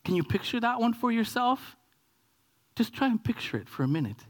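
Animated Canadian man in his forties. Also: fairly quick. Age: 40s. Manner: animated storytelling, acting out scenes with sudden whispers and high excited bursts. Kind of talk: sermon.

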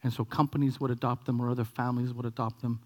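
A man in his forties from Canada preaching a sermon, telling a childhood story with animated acting-out, dropping to whispers and rising to high excited bursts. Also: fast. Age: 40s.

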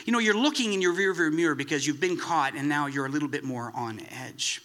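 A man's voice: fairly high pitch, fairly quick, hardly any pauses, fairly bright tone. A man preaching a sermon in a chatty, self-deprecating storytelling way, with many restarts. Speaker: pastor.

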